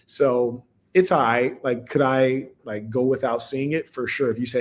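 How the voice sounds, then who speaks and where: A man hosting a podcast, speaking in a casual monologue to a live audience, with animated storytelling and laughing asides. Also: medium pitch, normal speed, hardly any pauses. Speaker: podcast host.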